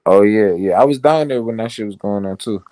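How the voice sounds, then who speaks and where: A man's voice: on the low side, a little fast, crowd noise. A man in casual chat, talking loosely with lots of "like" and swearing. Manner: loose, profane, says "like" a lot.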